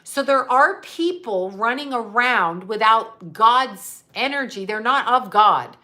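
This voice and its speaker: A psychic medium chats casually on a livestream, rambling, laughing often and reading viewer comments aloud as she answers them. Her voice is on the high side, expressive and bright with a forceful edge, and she takes her time.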